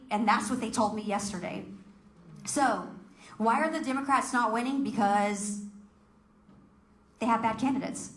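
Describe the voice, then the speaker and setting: A woman's voice: on the high side, fairly bright tone. Woman riling up a political meeting, punchy rhetorical questions, roomy echo. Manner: fiery, emphatic, rhetorical questions. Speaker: political speaker. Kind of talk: speech to a political group. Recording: echoey room.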